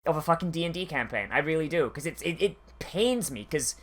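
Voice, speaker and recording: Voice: mid-range voice, lively intonation, brisk, a bit bright. Rambling, foul-mouthed anime reviewer. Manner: rambling and profane, full of fillers and restarts. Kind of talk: casual reaction commentary.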